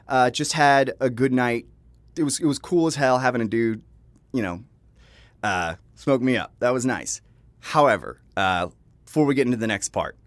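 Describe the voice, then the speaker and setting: A man's voice: medium pitch, fairly bright tone, no room sound. A man telling a personal story in a loose, rambling way, chuckling often and swearing freely, at his computer at home. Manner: rambling, chuckling, frank and profane. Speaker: vlogger. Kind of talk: casual storytime monologue.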